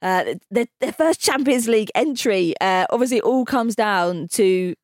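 A woman's voice: on the high side, lively intonation, normal speed, a little mellow, no echo, studio quality. A woman co-hosting a casual football podcast, playful and jokey, sometimes tripping over her words. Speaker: podcast co-host.

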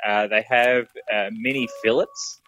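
A man talking casually from an airport, relaxed and laughing, with many hesitations. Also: medium pitch, unhurried, faint music behind, poor audio. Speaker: podcast co-host. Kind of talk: casual podcast chat.

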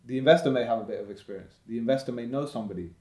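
A man's voice: mid-range voice, very fast, dark tone. A man from Slough with a London-area English accent, a guest talking property investing in an emphatic, motivational way in a casual podcast chat. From Slough, England. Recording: roomy echoey room.

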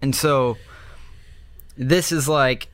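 An earnest young man from the United States co-hosting a casual faith podcast, rambling along with plenty of "like" and "you know." He speaks at an ordinary middle pitch, recorded dry with no room sound. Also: fairly even intonation, very slow, a bit bright, clean tone, no echo. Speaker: podcast co-host.

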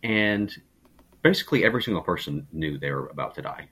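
A man's voice: low-pitched, animated, fairly quick, fairly bright tone, breathy edge. A man talking in a casual podcast chat, reflective and earnest, often restarting his sentences. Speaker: podcast guest.

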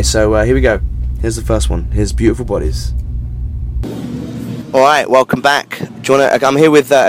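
An English musician hosting a casual chat and interview outdoors at a festival, loose and joking with some swearing. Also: male voice, on the low side. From England. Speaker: podcast host and musician. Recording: noisy outdoor field recording.

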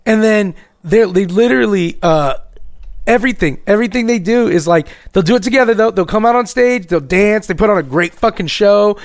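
A man co-hosting a podcast, telling profane stories in casual chat and acting out what others said. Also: fairly quick. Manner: profane, storytelling, acts out quotes in lowered voice. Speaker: co-host. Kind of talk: casual crude podcast banter.

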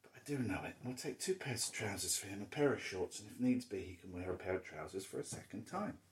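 A man's voice: fairly low pitch, fast talker. A man in his forties chatting candidly while he packs at home, stopping to talk to his dog. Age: 40s. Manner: rambling, candid, talks to his dog between thoughts. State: out of breath from stairs. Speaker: vlogger. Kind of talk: casual chat while packing. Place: home, indoors.

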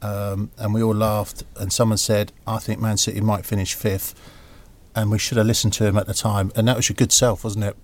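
A man's voice: lowish voice, flat delivery, fairly quick. A man, a former footballer, arguing his views bluntly in a studio football debate. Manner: blunt and argumentative.

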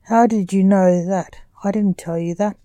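A woman's voice: medium pitch, fairly even intonation, moderate pace, dark tone, dry recording, natural voice. A woman reading as a sly male ghost.

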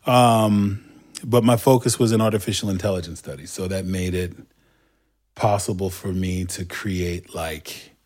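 A man in his forties from Turkey, speaking with a light Turkish accent, telling stories as a guest in a lively, animated way. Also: deep voice, a little slow. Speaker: guest, music producer. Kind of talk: casual storytelling.

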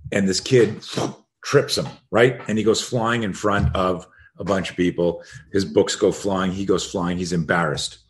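A self-defense coach, a man, telling a story as a podcast guest, frank and animated, acting out the dialogue as he goes. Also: low voice, a little slow. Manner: animated, re-enacts dialogue in vivid bursts; frank and profane.

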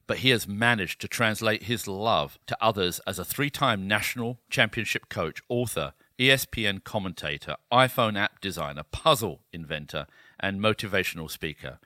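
A man hosting a podcast, reading a formal introduction in a measured, announcer-like way. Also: on the low side, lively intonation, sharp tone, no room sound, studio quality. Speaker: podcast host. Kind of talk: reading a formal introduction, then casual chat.

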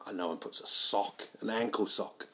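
A man rambling through a comic monologue, mocking himself and jumping into loud, silly voices. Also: lowish voice, normal speed. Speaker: comedian doing a solo audio show.

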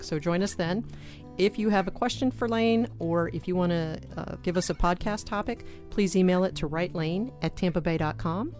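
Low-voiced woman podcast host. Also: darkish tone. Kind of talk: casual podcast hosting and sign-off.

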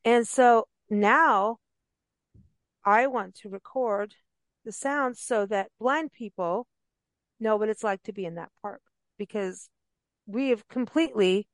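A woman's voice: medium pitch, no room sound. An enthusiastic woman host chatting freely on a radio interview. Her talk rambles and spills over with eager asides. The voice sits mid-range and sounds close and dry. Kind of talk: casual interview chat. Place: travel and parks radio show.

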